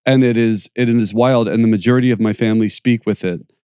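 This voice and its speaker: A man's voice: lowish voice, fairly even intonation, a little fast, dark tone, clear, resonant tone, dry recording, clean studio sound. A man hosting a podcast, talking casually, searching for words and laughing often. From Pittsburgh area, USA. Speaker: podcast host and yoga teacher.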